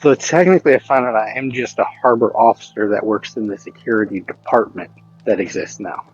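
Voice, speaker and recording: A man streaming a survival game with friends, chatting casually in a relaxed, rambling way with plenty of fillers. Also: fairly low pitch, brisk, husky, lo-fi sound, soft background music. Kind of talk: casual gaming chat.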